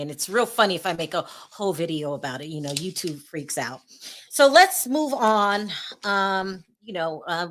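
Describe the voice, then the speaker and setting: A woman's voice: mid-range voice, fairly bright tone. A middle-aged woman hosting a casual live-stream, chatty and emotional as she talks straight to her viewers. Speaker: YouTube gossip show host.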